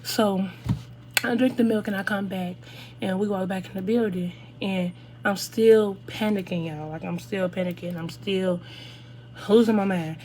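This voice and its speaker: A woman's voice: medium pitch, a little slow, slight background noise. Chatty young woman telling a storytime. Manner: chatty, animated, addresses viewers as y'all. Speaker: vlogger. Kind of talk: casual storytime.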